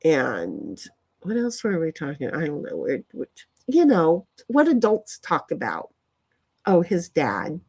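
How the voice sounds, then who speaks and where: A woman vlogging outdoors on a phone, chatting in a meandering way with many restarts and sudden excited leaps in her voice. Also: sits low, slow pace, slightly rough. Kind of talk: rambling casual monologue. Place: outdoors in a yard.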